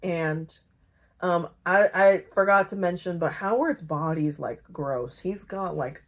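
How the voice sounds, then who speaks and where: A woman casually retelling a novel, slangy and joking, briefly acting out the characters' lines in quick voices. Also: fairly low pitch. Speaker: book retelling video host. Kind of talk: casual comedic story retelling.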